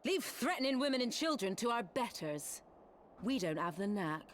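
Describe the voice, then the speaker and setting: A tough, commanding street leader. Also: female voice, on the high side, sing-song, normal speed, a little hiss or hum. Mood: stern. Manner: stern, commanding. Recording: game audio with music behind.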